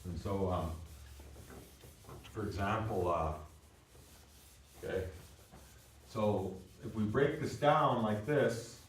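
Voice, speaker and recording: Slow and unhurried, with long pauses, a man with a voice on the low side teaches a language class. He explains words step by step, checking repeatedly with phrases such as "you know what I mean?" The echoey classroom recording, made from far off, has a little hiss or hum.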